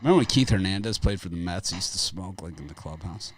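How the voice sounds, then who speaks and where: A man's voice: low-pitched, expressive, fast, slight background noise. A man hosting a sports betting show in a studio, teasing his co-hosts and laughing as he runs through the games. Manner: teasing, laughing, mock golf-commentary whispers. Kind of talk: casual studio banter.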